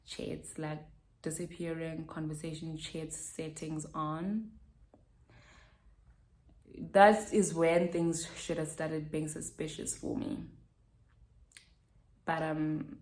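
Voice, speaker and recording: A South African woman vlogger telling a storytime monologue, animated and full of "like" fillers, acting out her own lines. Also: deep voice. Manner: frequent "like" fillers.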